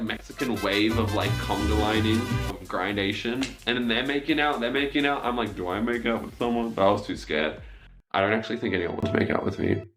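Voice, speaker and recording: A young man telling a funny personal story in casual chat, animated and jumping into high squeaky voices when he quotes people.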